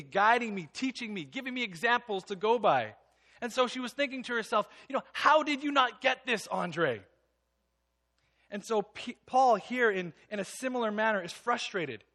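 A male pastor with a high, bright voice delivers a sermon. He reads a passage aloud, then explains it with earnest emphasis. He often sinks to a hushed tone to drive a point home.

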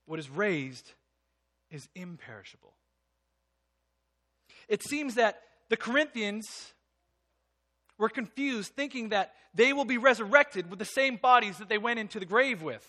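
A male pastor with a high, bright voice delivers a sermon. He reads a passage aloud, then explains it with earnest emphasis. He often sinks to a hushed tone to drive a point home. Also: big pitch swings, unhurried, long pauses.

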